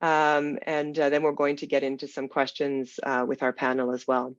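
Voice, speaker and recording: Panel moderator on a video call, gravelly and a bit rough from smoke, halting delivery; muffled, close, dry sound. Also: medium pitch, monotone, no room sound. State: throat irritated by smoky air. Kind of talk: online webinar moderation.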